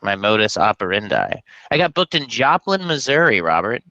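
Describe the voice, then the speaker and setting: A man chatting casually as a comedian guest, rambling and jokey with animated bits. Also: lowish voice, moderate pace, no echo, dull audio. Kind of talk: casual podcast chat.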